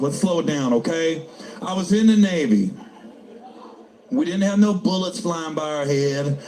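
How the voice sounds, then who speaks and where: A man telling profane stand-up stories about his time as a military cop, acting out the voices of the people in them. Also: high voice. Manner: profane, animated, acts out voices and laughs at own jokes. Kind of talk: stand-up storytelling.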